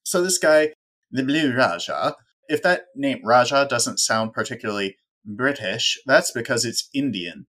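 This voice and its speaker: A man's voice: mid-range voice, expressive, unhurried, a bit bright. Male co-host, wry sarcastic chatter, mid-range voice. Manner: sarcastic, wry joking asides. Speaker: podcast co-host. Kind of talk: casual chat.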